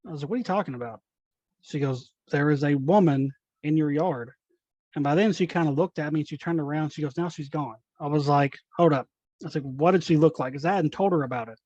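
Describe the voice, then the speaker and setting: A man's voice: on the high side, fast, no echo. A man telling ghost stories as an interview guest, acting out quoted dialogue. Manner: animated, acts out quoted dialogue. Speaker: paranormal investigator guest. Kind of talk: casual storytelling. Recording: dull dry sound.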